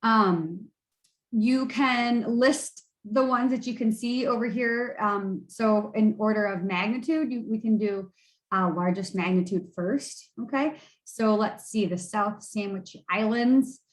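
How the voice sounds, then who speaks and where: A woman's voice: mid-range voice, takes it slowly, reverberant, poor audio. A woman, a college instructor, giving a tired, casual screen-share lecture full of fillers and restarts. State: tired, yawning.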